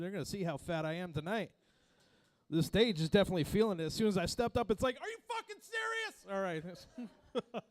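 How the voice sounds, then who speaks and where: A man doing a stand-up set in a small club, loud and crude, teasing the crowd. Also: high-pitched. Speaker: stand-up comedian.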